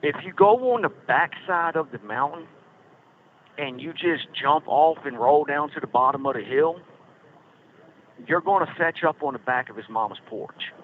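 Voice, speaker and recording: A man's voice: a little high, lively intonation, moderate pace. Brief: middle-aged man, folksy rambling storyteller, tinny phone line with faint hiss. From Virginia Blue Ridge foothills. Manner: rambling, folksy, lots of fillers. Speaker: podcast host calling from prison. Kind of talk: casual storytelling. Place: prison.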